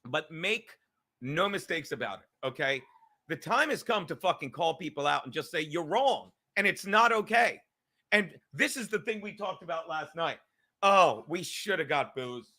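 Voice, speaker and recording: A middle-aged man hosting his own show, ranting in a loud, profane, excitable comedic monologue. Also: fairly high pitch, moderate pace. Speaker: podcast host.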